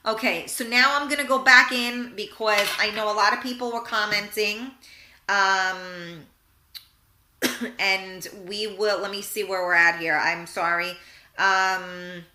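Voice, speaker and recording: A woman's voice: mid-range voice, slow pace, echoey room. A woman hosting a live internet radio show, talking frankly and with animation about positive thinking and reading out listener comments. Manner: frank, animated, acts out little scenes. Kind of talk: live motivational talk, reading viewer comments.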